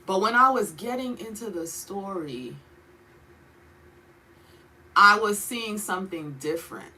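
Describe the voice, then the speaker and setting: A woman's voice: mid-range voice, expressive, a little slow, bright, forceful tone, low-quality recording. A woman giving a casual Bible teaching in a conversational way, asking questions and checking in with her listeners often.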